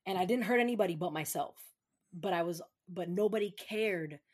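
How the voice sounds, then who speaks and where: A young woman with a lowish voice tells a personal story in a loose, candid podcast chat. She swears freely and slips into other people's voices when she quotes them. Her speech is relaxed and conversational, full of fillers. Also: normal speed, breathy edge. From Massachusetts. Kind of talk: casual chat.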